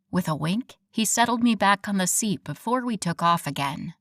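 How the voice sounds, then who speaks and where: A woman narrating a first-person romance audiobook in an expressive, wry storytelling manner. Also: fairly low pitch, normal speed, few pauses, dry recording, clean studio sound.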